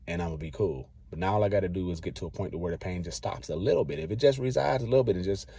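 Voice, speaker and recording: A man's voice: deep voice, racing, vocal fry, warm tone, slightly rough, dry recording. A man vlogging, telling a personal story in a casual, rambling way, acting out what he said back then in slangy talk. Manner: rambling, acts out his own past lines.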